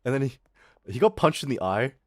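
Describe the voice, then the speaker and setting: A man's voice: medium pitch, expressive, a little fast, no echo, studio quality. A man streaming live and telling a story in a rambling, profane way, full of fillers. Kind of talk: casual storytelling on a livestream.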